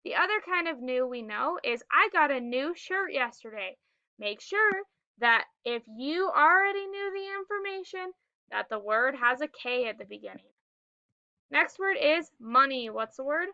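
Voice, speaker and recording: A woman teaching a phonics lesson to young children, slowly sounding out words and cueing the class to read and spell along. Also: high-pitched, animated, sharp tone, dry recording, lo-fi sound. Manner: slow, clearly sounded-out words with prompting cues.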